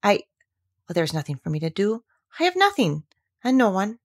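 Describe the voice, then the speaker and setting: A woman's voice: medium pitch, big pitch swings, moderate pace. A woman voicing a curious young girl who asks eager questions in a raised voice.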